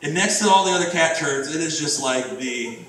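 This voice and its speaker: Heard from afar through a room mic in a very echoey comedy club, a thirtysomething comedian from Florida, USA, rambles through crude, profane material. He speaks at a moderate pace in a slightly bright, rather high voice.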